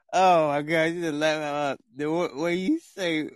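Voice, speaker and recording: A man's voice: fairly high pitch, no echo, studio quality. A man hosting a casual chat show, joking and trash-talking in slangy speech straight to his viewers. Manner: animated and joking, with playful trash talk. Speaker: show host.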